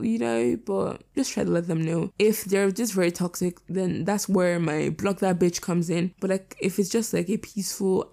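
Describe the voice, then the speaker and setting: A woman's voice: on the low side, normal speed, vocal fry, few pauses, dark tone. A teenage girl giving blunt, sassy advice in a casual vlog, swearing freely. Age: teens. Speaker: vlogger.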